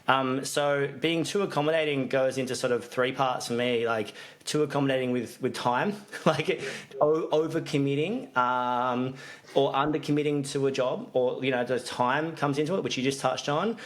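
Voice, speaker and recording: A man's voice: medium pitch, normal speed. Chatty man, rambling podcast talk. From Australia. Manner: rambling, with frequent restarts and fillers. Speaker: podcast co-host, business coach. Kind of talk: casual chat.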